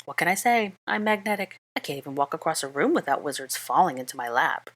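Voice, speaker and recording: A woman reading the part of a clever young witch, speaking briskly with exasperation in an audiobook-style fan reading. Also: low-pitched, lively intonation, fairly bright tone, no room sound. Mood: exasperated.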